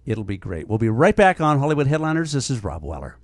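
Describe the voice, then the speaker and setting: Male radio host, wisecracking and teasing, medium-pitched voice, loose banter. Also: big pitch swings, fast, background noise. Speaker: radio talk show host. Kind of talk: joking radio talk show banter.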